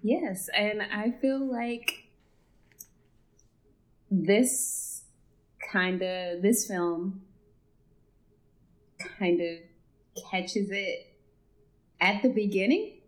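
Slow, halting young woman. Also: medium pitch. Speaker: podcast co-host. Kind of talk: casual film discussion.

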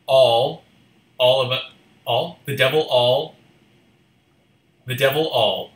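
A man's voice: mid-range voice, steady tone, takes it slowly, reverberant. A man co-hosting a live stream, chatting casually and playfully guessing. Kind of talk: casual chat.

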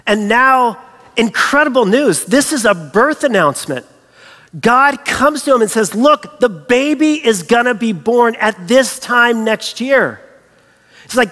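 A man preaching a sermon as a pastor, animated and storytelling, acting out the voices he quotes. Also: very high-pitched, measured pace, in a large hall.

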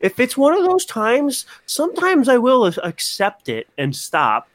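A man's voice: very high-pitched, wildly swooping pitch, unhurried, no echo. A young man, co-hosting a podcast, ranting expressively about annoyances and swearing casually. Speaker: podcast co-host. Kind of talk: casual chat. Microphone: studio microphone.

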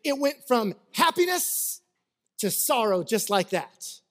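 A man's voice: very high-pitched, sing-song, takes it slowly. A man preaching a sermon in a conversational, storytelling way, acting out little scenes and checking in with his listeners. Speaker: pastor.

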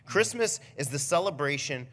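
Brief: young male pastor, bright higher voice, animated storyteller. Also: normal speed. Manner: animated storytelling, builds to near shouting. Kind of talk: conversational Christmas Eve message.

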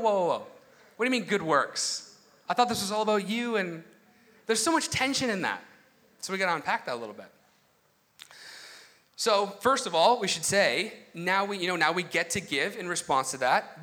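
Animated, bright-voiced male preacher. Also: fairly high pitch. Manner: animated, conversational preaching with frequent asides. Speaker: pastor. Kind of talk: sermon.

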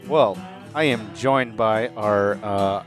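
A man runs a tabletop session as game master, pausing often with fillers as he lays out the scene. A faint guitar plays underneath. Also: on the low side. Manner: hesitant, filler-heavy.

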